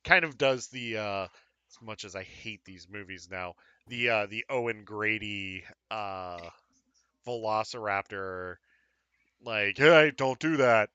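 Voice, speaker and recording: A man's voice: fairly low pitch, unhurried, pushed and bright, clear, resonant tone, no echo, dull audio. A man narrating as game master for a tabletop game, rambling and joking at his own expense with many fillers.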